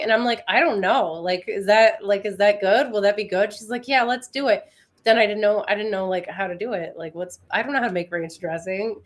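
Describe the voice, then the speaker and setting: Woman co-host, mid-pitched, laid-back rambler, trails off. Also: normal speed. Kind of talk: casual chat.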